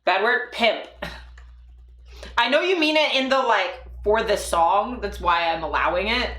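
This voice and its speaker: A woman's voice: medium pitch, expressive, unhurried, fairly bright tone. Rambling, giggly young woman streamer. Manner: rambling, profane, giggly storytelling. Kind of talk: casual live-stream chat. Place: home room. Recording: echoey room.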